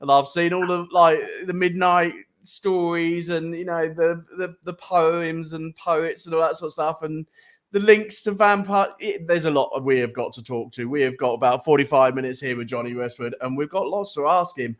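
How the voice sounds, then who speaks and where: Chatty Fenland host, slightly high. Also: male voice, moderate pace. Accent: Fens English. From Cambridgeshire, England. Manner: chatty, jokey, rambling with restarts. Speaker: show host. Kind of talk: casual live talk show chat.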